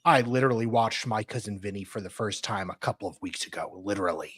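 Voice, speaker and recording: A woman's voice: rumbling low, fast, breathy edge, no room sound. A woman co-hosting a live stream who makes dry, sarcastic jokes in casual chat. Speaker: stream co-host.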